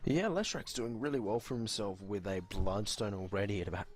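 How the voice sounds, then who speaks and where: A man's voice: on the low side, fairly quick. An Australian man giving casual color commentary on a video game match. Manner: casual, chatty analysis. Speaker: esports co-caster.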